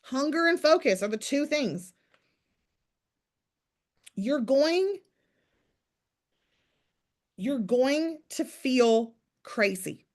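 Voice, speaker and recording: A woman's voice: high voice, expressive, extremely slow, pauses often. A woman leading a morning business call, giving casual motivational talk in a chatty, direct coaching way and turning to listeners by name. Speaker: team leader hosting a morning business call. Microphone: video call.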